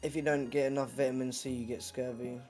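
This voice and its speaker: A man's voice: medium pitch, flat delivery, fast, darkish tone, soft background music. A man with a British accent chatting on voice chat, blunt and teasing, swearing freely. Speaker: friend on voice chat. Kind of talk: casual chat.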